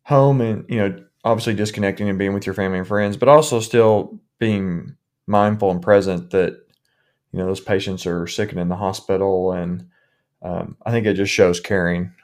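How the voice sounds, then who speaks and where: A man, a physician hosting an interview, asking questions and thanking his guest in a friendly, relaxed way. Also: deep voice, normal speed. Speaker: physician podcast host.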